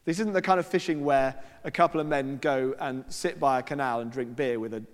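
A man's voice: medium pitch, a little fast. A man preaching a sermon, telling stories in a chatty way and acting out the people he quotes. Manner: conversational storytelling with quoted voices and asides. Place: church. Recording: long hall reverb.

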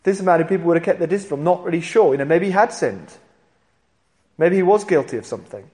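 Preacher with lively, echoing delivery. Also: male voice, on the high side, quick pace. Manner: animated storytelling, acts out voices in quotes. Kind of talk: sermon. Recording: long hall reverb.

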